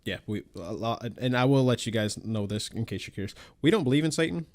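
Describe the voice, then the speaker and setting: A man hosting a casual podcast, talking in a relaxed, chatty way. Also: medium pitch, fast. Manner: relaxed, talkative, says "y'all". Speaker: pagan podcast host.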